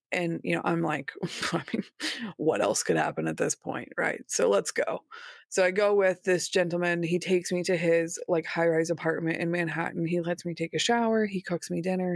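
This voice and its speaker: A woman's voice: on the low side, fairly even intonation, normal speed, vocal fry, no room sound, studio quality. A woman speaking as a guest on an interview podcast, recounting her experiences in a frank, conversational way. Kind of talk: interview storytelling.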